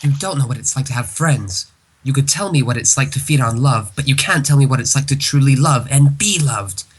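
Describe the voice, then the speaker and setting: A man's voice: medium pitch, expressive, a little fast, a little hiss or hum, natural voice. Twilight Sparkle, read by a man. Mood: defiant. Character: earnest young female unicorn heroine. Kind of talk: reading a comic aloud in character.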